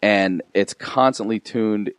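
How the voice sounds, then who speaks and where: A man's voice: lowish voice, slow, clear, resonant tone, no room sound. A man from Baltimore, a guest comedian, telling a rambling story in casual chat, restarting sentences and chuckling as he goes.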